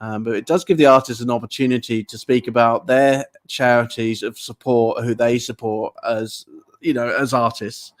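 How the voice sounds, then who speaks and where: A man's voice: medium pitch, steady tone, normal speed. A man hosting an online music show, chatting with a guest and praising the performance with enthusiasm. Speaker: show host. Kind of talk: casual interview chat.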